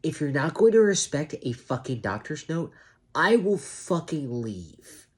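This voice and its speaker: A security guard venting to his camera, half awake, emphatic and cursing on purpose, often mimicking managers in a high mocking voice. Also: sing-song, unhurried, breathy edge.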